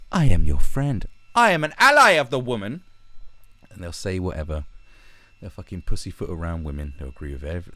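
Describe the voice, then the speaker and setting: A man's voice: low voice, dark tone. Sneering, profane male ranter. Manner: sneering, combative, sarcastic. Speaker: podcast host. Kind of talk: profane comedic rant.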